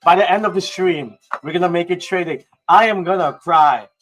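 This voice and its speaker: A man hosting a casual livestream, excitable and prone to swearing, swinging between hyped outbursts and low mumbling. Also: normal speed. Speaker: livestream host.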